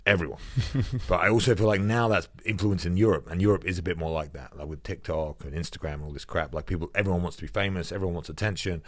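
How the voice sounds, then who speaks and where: A man with a British accent, a former fighter and coach, talking in a relaxed, reflective way as a podcast guest. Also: low-pitched, fast, no echo, clean studio sound. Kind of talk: casual podcast conversation.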